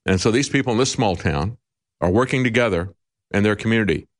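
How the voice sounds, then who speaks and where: A man's voice: fairly low pitch, fairly quick. A male talk show host giving emphatic, indignant commentary with sarcastic asides.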